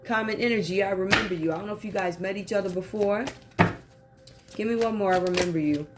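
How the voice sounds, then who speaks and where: A woman giving a casual tarot reading, talking in lively slang and acting out what the cards seem to say. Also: medium pitch, fast, loud music behind the voice. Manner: animated, slangy, acts out quoted voices. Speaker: tarot reader.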